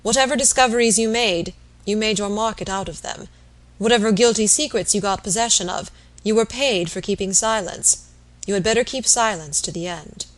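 A woman reading a stern earnest gentleman. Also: medium pitch, moderate pace, natural voice, low-quality recording. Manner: formal, pleading yet firm.

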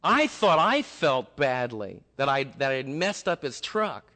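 A man preaching a sermon, telling a story in a lively, conversational way to his congregation. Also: mid-range voice, a little slow, few pauses, in a large hall. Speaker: pastor.

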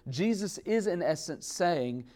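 A man's voice: high voice, lively intonation, measured pace, dark tone. A man preaching a sermon, emphatic, with big swings in volume and pace as he builds and drops his points. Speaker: pastor.

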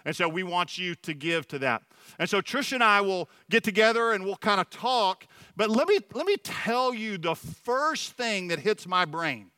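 Earnest middle-aged man preaching, bright and clear. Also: high voice, expressive, moderate pace, no room sound. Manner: earnest, personal storytelling with frequent restarts. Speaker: church leader speaking at a Sunday service. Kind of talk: sermon.

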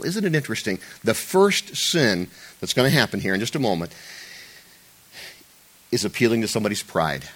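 Animated man preaching a sermon. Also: on the low side, normal speed, long pauses. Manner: animated, conversational, jokey asides. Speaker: pastor.

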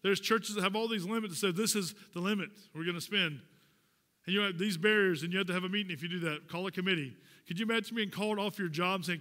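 A man's voice: high voice, quick pace, pushed and bright, in a large hall. A man preaching a sermon as pastor, folksy and direct, joking with the congregation. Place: church sanctuary.

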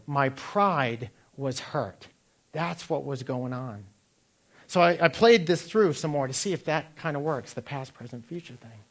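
A middle-aged man delivers a sermon in a somewhat high voice. He puts pointed questions to the listeners and weaves in stories from his own life. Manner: asks the listeners direct questions, tells personal stories. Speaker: pastor.

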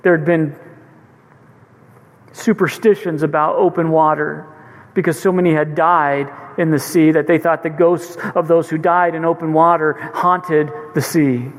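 Preacher guy, pretty high voice, earnest sermon, big echoey church hall. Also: steady tone, a little slow. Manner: earnest, retelling scripture with urgency. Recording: long hall reverb.

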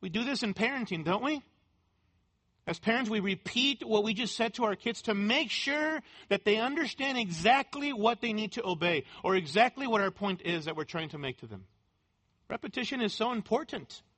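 A man's voice: high-pitched, lively intonation, normal speed, fairly bright tone. A man preaching an expository sermon, speaking in short emphatic phrases and repeating key words for weight. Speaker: pastor.

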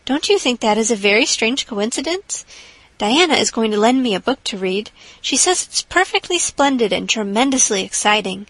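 A woman's voice: a little high, fairly bright tone, no echo, rough recording. Anne, a woman reading a gushing young girl. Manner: breathless, gushing and dreamy. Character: chattering imaginative young orphan girl. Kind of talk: audiobook character reading.

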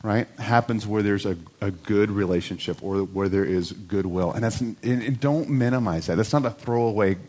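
A man's voice: fairly low pitch, normal speed, hardly any pauses, dark tone. A middle-aged man giving a church talk with a conversational, self-mocking story.

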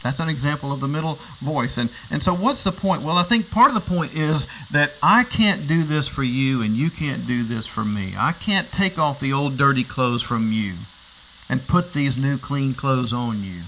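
A man's voice: medium pitch, lively intonation, normal speed, a bit bright, a little hiss or hum, poor audio. A man preaching a sermon, explaining a passage and posing rhetorical questions, often repeating words as he restarts. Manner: teaching, asks rhetorical questions. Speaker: pastor.

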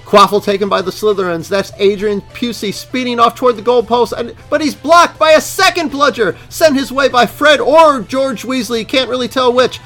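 A man putting on a fake announcer voice to play an excitable young male school sports announcer calling a match play by play. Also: very high voice, pitched above the performer's own voice, exaggerated voice. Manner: rapid play-by-play calling, shouting at big moments.

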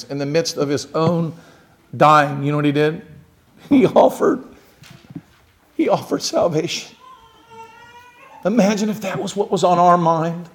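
A man preaching a sermon, building up to loud, rising emphasis and then dropping to a hushed, quiet delivery. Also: fairly high pitch, a little slow, long pauses. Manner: dramatic, swelling to loud emphasis and dropping to near whispers.

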